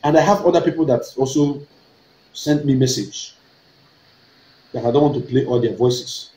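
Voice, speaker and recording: Speaking at normal speed in a mellow, medium-pitched voice, this Nigerian-accented online activist broadcaster delivers a fervent political talk full of repetition and emphatic outbursts. The recording is reverberant and low in quality.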